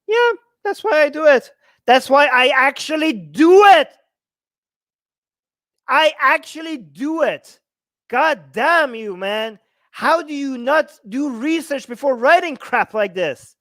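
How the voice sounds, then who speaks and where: Host: high-pitched man, dry close sound, heated ranting livestream reaction. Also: expressive, a little slow, a bit bright, dry recording. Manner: heated, ranting with rhetorical questions. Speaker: channel host.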